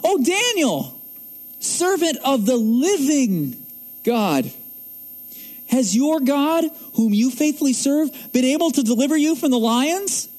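An anxious ancient king calls out in a raised, pleading voice, as a man preacher reads his words. The voice sits very high for a man. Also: animated, slow pace, a little mellow, heavily acted. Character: anxious pagan king calling out.

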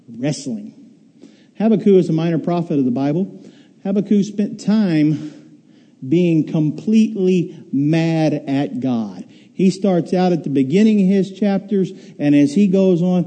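A man's voice: on the high side, mellow. A man preaching a sermon to a congregation, emphatic, repeating key words and firing rhetorical questions. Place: church hall with congregation. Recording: long reverb of a large hall.

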